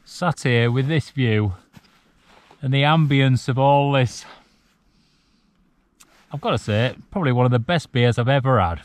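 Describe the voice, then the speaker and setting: A man in his forties from the UK chats casually to camera while camping alone on a cold mountain at night, in a relaxed, reflective way with the odd chuckle. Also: mid-range voice, measured pace, pauses often, dry recording. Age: 40s. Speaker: solo wild camping vlogger.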